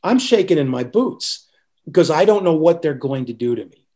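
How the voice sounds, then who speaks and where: A man's voice: a little high, expressive, moderate pace, warm tone. A middle-aged man, a guest musician, telling a dramatic anecdote in a remote interview, acting out the quotes as he goes. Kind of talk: animated storytelling in a remote interview. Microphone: remote home studio mic.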